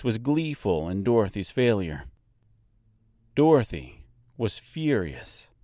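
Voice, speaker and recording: A man reads the narration of a novel at an unhurried pace, letting his pitch move freely. The sound is dry and close, with no room around it. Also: sing-song, warm tone, dry recording. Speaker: audiobook narrator. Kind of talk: audiobook narration.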